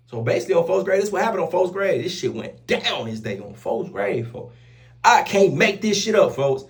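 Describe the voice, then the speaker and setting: A young storyteller vlogger talks fast in a high, loose, animated voice, packing his tale with profanity and street slang. In a casual style, he swears on his kids after nearly every sentence, repeating oaths like "on my kids, folks."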